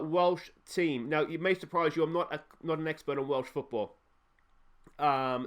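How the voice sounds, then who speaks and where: A man's voice: a little high, fairly bright tone. A man hosting a casual gaming video, chatty and self-mocking, with lots of fillers. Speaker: let's play host. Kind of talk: gaming commentary with playful role-play.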